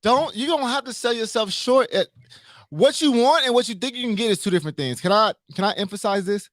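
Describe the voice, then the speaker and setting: A man's voice: high voice, animated, fairly quick, a bit bright, no room sound, faint music behind. A man hosting a casual motivational livestream, emphatic, repeating his points and asking his listeners questions.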